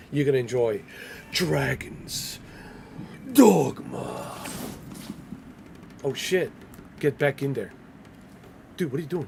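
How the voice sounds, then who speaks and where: A man's voice: mid-range voice, slight background noise. A man casually commenting on a game during a livestream, loose and joking as he banters with his chat. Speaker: gaming livestreamer.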